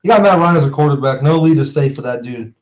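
A young man co-hosting a casual sports podcast, animated and slangy, laughing often as he talks. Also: fairly high pitch, fast talker, slight background noise, rough recording. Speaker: podcast co-host.

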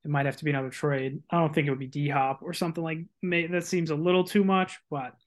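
Higher-voiced man, hedging sports chat. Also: flat delivery, quick pace. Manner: hedging, lots of "like" and "I mean". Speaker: podcast co-host.

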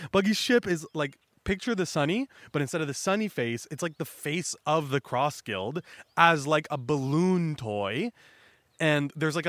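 A man's voice: on the high side, a bit bright, no echo. A young man hosting a casual recap chat, rambling with lots of fillers and now and then acting out characters. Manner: rambling, filler-heavy, acts out characters in raised voices. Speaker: host recapping a manga chapter.

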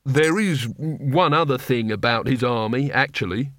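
A man's voice: mid-range voice, moderate pace, a bit bright, no room sound, studio quality, lightly acted. A man reading an audiobook, voicing a nervous, cowardly wizard who speaks hesitantly, as if working things out aloud. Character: nervous male wizard, cowardly but cunning.

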